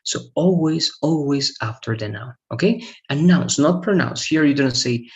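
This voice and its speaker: A man's voice: mid-range voice, animated, moderate pace, hardly any pauses, rough recording. A man teaching an English grammar lesson one-on-one online. He explains patiently, repeats himself, and keeps checking understanding with "all right?".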